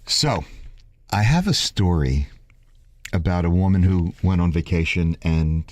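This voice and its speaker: A man's voice: low-pitched, a little slow, dry recording. A man hosting a radio show, casually chatting and telling a long joke. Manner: storytelling, lively delivery. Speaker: radio host.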